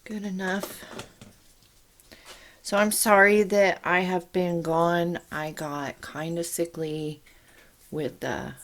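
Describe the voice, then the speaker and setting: A woman's voice: on the low side, steady tone, slow, long pauses, a bit bright. A woman chatting casually in her home kitchen as she shows a canning task, rambling into asides as she works.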